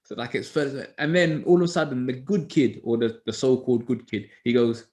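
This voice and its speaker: A man in an easygoing group discussion, spinning classroom stories with energy and acting out what others said. His voice sits at an ordinary middle pitch. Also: brisk. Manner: animated storytelling, acts out others' words. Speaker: co-host of a Bible study discussion, schoolteacher. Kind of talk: casual discussion.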